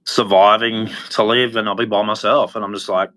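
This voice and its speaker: Bright-voiced weary man rambling. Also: lowish voice, flat delivery. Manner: halting, rambling, with frequent restarts; weary and despondent. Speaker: livestreamer. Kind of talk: unscripted personal monologue.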